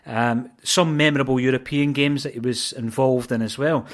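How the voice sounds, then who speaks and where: Man hosting a podcast, steady with fillers. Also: medium pitch. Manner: measured, with frequent "uh" fillers. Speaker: podcast host. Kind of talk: interview hosting.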